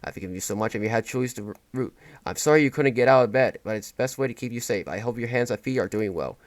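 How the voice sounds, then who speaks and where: A man's voice: medium pitch, fast, close to an everyday voice. A man voicing a sinister doting mother. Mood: coldly tender. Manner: soft, doting tone over threats. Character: sweet-talking possessive mother, calmly menacing.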